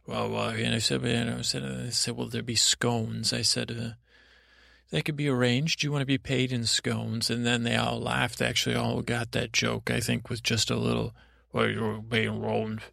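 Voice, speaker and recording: A man's voice: mid-range voice, level tone, moderate pace, gravelly, sharp tone, no echo, studio quality. A man hosting a podcast, telling a rambling bedtime story in a meandering, hesitant way, full of restarts and side remarks. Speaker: podcast host.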